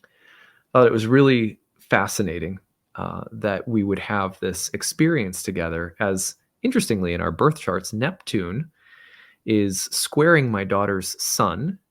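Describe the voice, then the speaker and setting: A man hosting an astrology talk, telling a personal story in a halting, reflective way. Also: on the low side, lively intonation, gravelly. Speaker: astrologer host.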